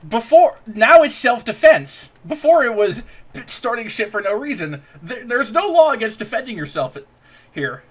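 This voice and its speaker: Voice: medium pitch, sing-song, moderate pace. A podcast host in a casual chat, making crude jokes and laughing often.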